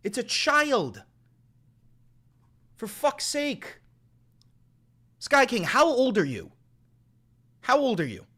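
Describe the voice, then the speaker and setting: Male streamer, profane and exasperated, pitch swings wildly while he lectures chat. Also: wildly swooping pitch, takes it slowly, pauses often, bright, forceful tone. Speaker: live streamer. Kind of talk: livestream rant at chat.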